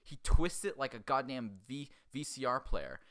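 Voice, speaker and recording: A man hosting a comedy show, recapping an animated film in a crude, sarcastic way and acting out the characters in quick asides. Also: mid-range voice. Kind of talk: profane comedic movie recap.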